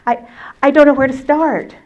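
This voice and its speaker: A woman storyteller doing a young man who stammers and hesitates, losing his nerve. The voice rides a little high, and the recording is muffled and lo-fi. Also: steady tone, moderate pace, close to an everyday voice. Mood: panicked. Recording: dull lo-fi recording.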